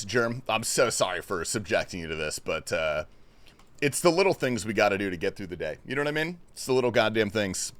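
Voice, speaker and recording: A man's voice: mid-range voice, a bit bright, no echo. A man streaming live, chatting loosely and profanely with his chat while he plays, calling everyone brother and dude. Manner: loose and profane, greets chat with bro-talk. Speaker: livestreamer. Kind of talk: casual livestream chat while gaming.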